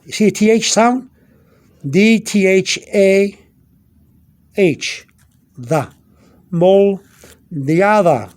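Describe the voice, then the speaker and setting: A man's smooth, high-pitched voice moves at a slow pace with long pauses as he gives an informal language lesson. Pointing things out on a product label, he frequently stops, repeats words and asks "okay?" as a teacher.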